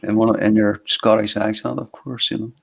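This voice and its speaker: A man's voice: fairly low pitch, little pitch movement, normal speed, creaky, breathy edge. A man co-hosting a livestream in rambling casual chat, swearing freely. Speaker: livestream co-host.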